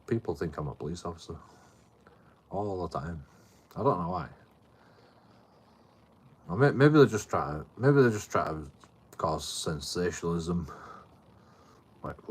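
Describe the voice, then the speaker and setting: A man's voice: low voice, husky. A man in his late thirties from Bradford with a Yorkshire accent, telling a rambling, swear-filled story to his live chat and often repeating himself. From Bradford, England. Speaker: live streamer.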